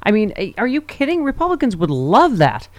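A woman's voice: mid-range voice, huge pitch swings, a little fast, dry recording. A woman hosting a political talk show, bantering casually and joking, often with a laugh. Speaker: radio talk show host.

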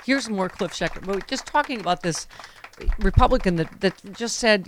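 A woman's voice: medium pitch, animated, normal speed. A woman hosting a radio talk show, bantering in a wry, joking way. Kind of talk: casual chat.

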